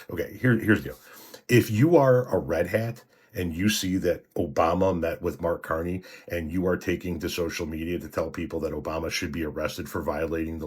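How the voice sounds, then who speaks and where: A man's voice: low-pitched, slightly rough. A man giving blunt, scornful political commentary, cursing at his opponents. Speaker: commentary vlogger. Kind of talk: angry profane rant.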